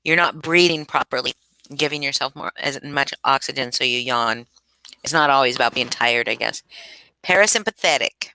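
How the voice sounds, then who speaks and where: A woman's voice: very deep voice, normal speed, bright, forceful tone, no room sound, poor audio. A woman hosting a livestream from home, chatting casually with viewers by name. She is sleepy and yawning, and her talk rambles. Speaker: livestream host.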